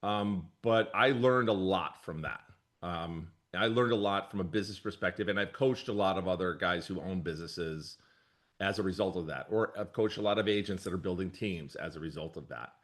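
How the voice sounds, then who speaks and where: A man's voice: deep voice, moderate pace, fairly bright tone. A middle-aged man, a brokerage leader answering interview questions in a rambling, easygoing way, often correcting himself and laughing.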